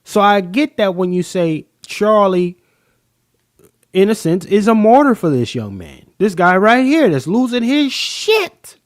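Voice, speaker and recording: A man hosting a live-stream podcast, talking emphatically and slowly to his audience. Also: high voice, very animated, dry recording, clean studio sound. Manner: emphatic, drawn-out, addresses the chat as y'all. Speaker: podcast host.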